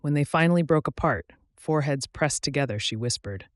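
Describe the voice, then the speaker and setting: A man's voice: fairly high pitch, lively intonation, brisk, no room sound, studio quality. Man narrating a romance audiobook.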